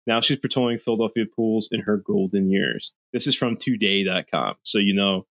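Podcast dude reading an article out loud, lively up and down voice, super dry close mic. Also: male voice, lowish voice, moderate pace, gravelly, no room sound. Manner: jokey, swearing, riffing on an article. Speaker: podcast co-host. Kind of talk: casual podcast banter, reading news aloud.

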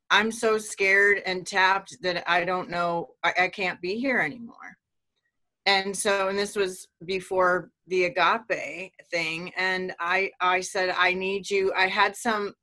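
A middle-aged woman giving a personal testimony in a halting, earnest way, with many restarts. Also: lowish voice, sharp tone.

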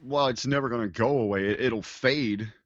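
A man's voice: mid-range voice, moderate pace, dry recording, highs cut off. A man co-hosting a podcast, telling stories in casual chat with many fillers and restarts. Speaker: podcast co-host.

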